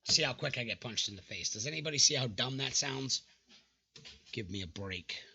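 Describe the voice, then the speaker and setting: A man's voice: mid-range voice, lively intonation, moderate pace, vocal fry, bright, forceful tone, husky. A young man hosting casual reaction commentary, mocking dating app messages in an exasperated way and swearing freely. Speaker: channel host reacting to dating app screenshots.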